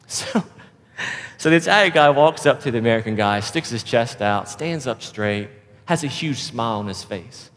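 A man preaching a sermon, telling a joke with lively acted-out voices for the people in it. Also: medium pitch, moderate pace, big-room sound. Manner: animated storyteller, acts out characters. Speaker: pastor. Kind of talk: sermon with storytelling.

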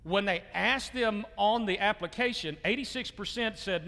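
A pastor preaches to his church in the sanctuary, speaking loosely and conversationally, repeating words as he restarts and chuckling often. His voice is high and sharp, at normal speed with hardly any pauses, and the sound carries a big-room quality.

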